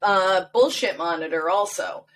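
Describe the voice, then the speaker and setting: A woman's voice: fairly low pitch, a little slow, a bit bright, slight background noise. Woman on a chat show, jokey banter, laughs a lot, easygoing. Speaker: regular guest. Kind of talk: casual chat.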